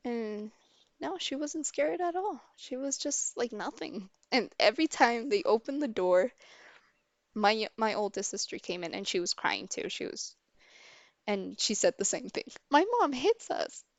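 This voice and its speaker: A young woman streamer telling a personal story, candid and halting, with many restarts. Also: fairly high pitch, lively intonation, no room sound.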